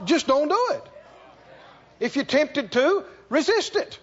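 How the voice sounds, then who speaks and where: High-voiced, lively male preacher. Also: a little slow, lo-fi sound. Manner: folksy, animated preaching with acted-out dialogues. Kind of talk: sermon.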